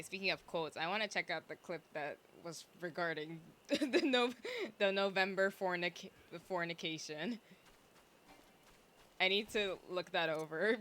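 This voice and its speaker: A young woman streamer in casual chat, rambling with lots of fillers and a slight vocal fry. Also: lowish voice, sharp tone. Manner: chatty, rambling with fillers and self-interruptions.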